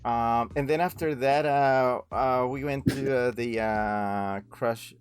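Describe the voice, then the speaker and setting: A man's voice: medium pitch, fairly even intonation, slow, smooth. A man in casual chat on a game stream, rambling through a story with many fillers and restarts. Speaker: stream guest.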